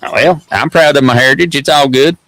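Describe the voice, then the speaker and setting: A man's voice: on the high side, brisk, a bit bright, no echo, rough recording. A man with an East Tennessee accent hosting a vlog, rambling through a casual story in a folksy drawl with lots of repeated words. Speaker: host.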